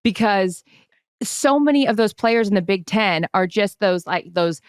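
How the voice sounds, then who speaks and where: This is a woman co-hosting a podcast in easy, casual conversation. Her voice is smooth and resonant, her tone enthusiastic and chatty, and the recording is dry and close to the mic. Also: medium pitch, lively intonation, no room sound. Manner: warmly enthusiastic, chatty, quick to laugh along. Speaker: podcast co-host. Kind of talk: casual chat.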